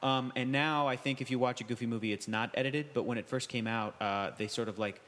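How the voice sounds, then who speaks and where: A man's voice: medium pitch, steady tone, brisk, fairly bright tone, in a large hall. A man co-hosting a casual film discussion, chatty, with many fillers. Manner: chatty, many fillers, quotes scenes in character voices. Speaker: podcast co-host.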